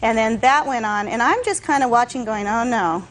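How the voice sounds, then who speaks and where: A woman testifying as a defendant, telling her story in an animated way and acting out what others said. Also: on the high side, normal speed, poor audio. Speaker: defendant in a courtroom show.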